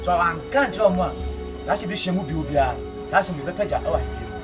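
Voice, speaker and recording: A man's voice: high-pitched, lively intonation, quick pace, over music. A man from Ghana acting a stern middle-aged family elder in a film drama, talking in an emphatic, insistent way, recorded with a distant mic under a film score.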